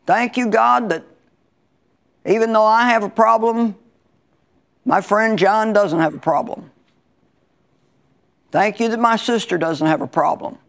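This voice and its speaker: A woman's voice: mid-range voice, vocal fry. Woman preacher, conversational sermon delivery, emphatic and repetitive. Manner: emphatic, conversational, repeats key lines. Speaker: Bible teacher.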